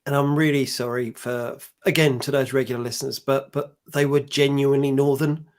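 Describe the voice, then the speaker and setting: A man's voice: mid-range voice, flat delivery, a little fast. A man from the UK in his thirties, co-hosting a casual podcast with dry, joking banter. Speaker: podcast co-host. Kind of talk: casual chat.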